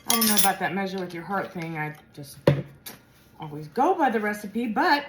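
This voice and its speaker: A woman's voice: mid-range voice, animated, normal speed, very noisy. American lady rambling thru a recipe, echoey kitchen, dishes clanking around. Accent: General American. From Midwestern or Western United States. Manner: chatty and rambling, thinking aloud while cooking. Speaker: home cook. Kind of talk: casual cooking vlog. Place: home kitchen.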